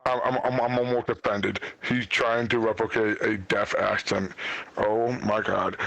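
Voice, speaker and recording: A man's voice: fairly low pitch, fairly even intonation, unhurried, gravelly, fairly bright tone, dry recording, poor audio. A man chatting on a casual podcast, stammering and rambling in an exasperated way. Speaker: podcast guest.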